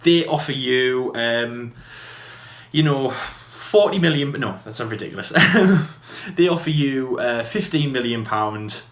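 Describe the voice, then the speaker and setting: Man, podcast co-host, mid pitch, rambling, restarts, echoey room. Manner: rambling, quick, full of fillers and restarts. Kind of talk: casual debate chat.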